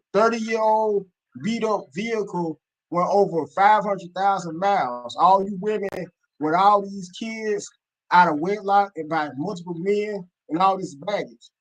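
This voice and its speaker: High-voiced male caller, blunt. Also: poor audio. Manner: long-winded, blunt, uses analogies. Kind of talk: call-in commentary.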